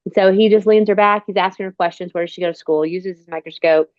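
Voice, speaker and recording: A woman's voice: lowish voice, fairly even intonation, quick pace, no room sound. A woman hosting an interview, chatty, telling long personal stories in casual talk. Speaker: podcast host. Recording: dull, dry phone-call sound.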